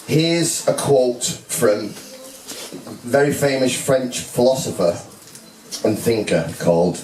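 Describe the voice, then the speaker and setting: Joking groom in an echoey hall. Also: male voice, medium pitch, animated, takes it slowly, darkish tone. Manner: joking, self-mocking. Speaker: groom giving a wedding speech. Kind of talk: wedding speech. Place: wedding reception hall with guests. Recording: echoey hall, heard from a distance, with a crowd.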